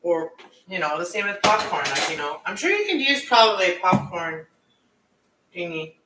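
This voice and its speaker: A cooking vlogger rambles to a live chat while cooking in his home kitchen, his voice high, very animated and at normal speed. He's chatty and keeps correcting himself. A camera mic set away from the stove picks up an echoey room with faint noise.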